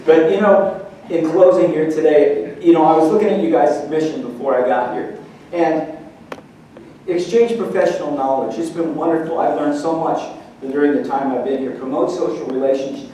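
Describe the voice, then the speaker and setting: A man giving a motivational keynote speech at a conference, animated and telling stories, acting out the voices he quotes. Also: on the high side, slight background noise. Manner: animated storyteller, acts out quotes. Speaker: keynote speaker. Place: large conference hall. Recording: echoey hall, mic from far off.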